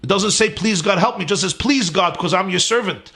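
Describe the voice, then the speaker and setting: A man's voice: sits high, a little fast, sharp tone. A man, a rabbi, giving an earnest, emphatic sermon-style class from his home, building his points in rising lists.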